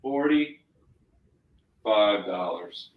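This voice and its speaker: A man runs a live shopping show, hawking comic books with hyped, punchy salesman patter. His voice sits at an ordinary middle pitch, and he leans hard on prices and calls to buy. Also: animated, extremely slow, phone-quality sound, background noise. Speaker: co-host selling comics.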